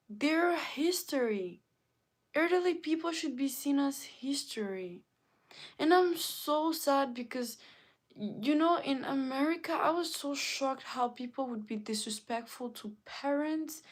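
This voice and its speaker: An earnest woman from Africa speaks on her livestream in a heartfelt, preachy way. Her voice sits fairly high, and she keeps telling stories to press her point home. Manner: emotional, earnest, preachy storytelling. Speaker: livestream host. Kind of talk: casual impassioned monologue.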